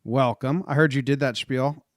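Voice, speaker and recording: A man's voice: mid-range voice, fairly even intonation, moderate pace, dry recording, clean studio sound. A man hosting a casual movie podcast, upbeat and leading the talk. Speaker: podcast host.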